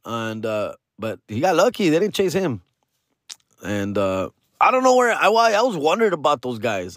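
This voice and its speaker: A man's voice: high-pitched, no echo, clean studio sound. A middle-aged man casually telling a story on a podcast, full of slang and Spanish words mixed into his English. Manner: slangy, mixes Spanish into English, calls listener fool and dog.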